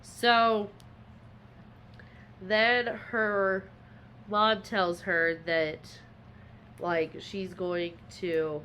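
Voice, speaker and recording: A woman's voice: medium pitch, level tone, drawn-out words, long pauses, fairly bright tone. Woman co-host, mid-range voice, rambling plot recap, laid-back book chat, faint hiss behind. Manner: rambling retelling with many fillers. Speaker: podcast co-host.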